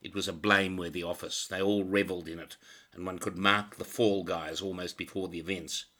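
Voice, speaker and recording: A man's voice: low-pitched, steady tone, brisk, sharp tone. A man narrating a crime novel in a dry, sardonic manner. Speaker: audiobook narrator.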